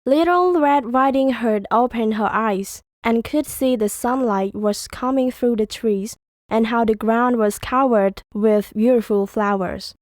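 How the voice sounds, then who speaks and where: Lady reading textbook story lines slow, bit high voice. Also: no echo. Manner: slow, careful exercise reading. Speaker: textbook audio narrator. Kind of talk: scripted reading of lettered sentences.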